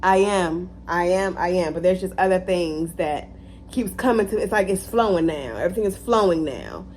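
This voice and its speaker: Woman vlogger, animated motivational talk, repeats lines for emphasis, faint hum behind. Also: fairly low pitch, normal speed. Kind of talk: casual motivational talk to camera.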